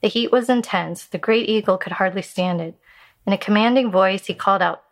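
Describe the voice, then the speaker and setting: A woman narrates a Buddhist fable in a calm storytelling voice. Her delivery is measured, easing the pace to dwell on vivid moments. Her pitch sits in a middle register.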